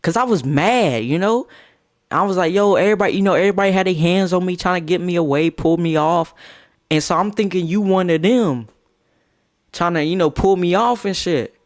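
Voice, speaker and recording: Excitable young man telling a crude story. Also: high-pitched, a little fast. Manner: crude, excitable, acts out quotes. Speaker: live streamer telling a story. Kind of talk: animated storytime on a live stream. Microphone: phone.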